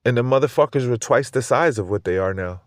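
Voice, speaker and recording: A man's voice: medium pitch, lively intonation, fast talker, no room sound, studio quality. A man hosting a podcast, talking in a loose, rambling way, swearing freely and laughing often. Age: adult with a school-age kid. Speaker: podcast host. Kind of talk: casual profane monologue.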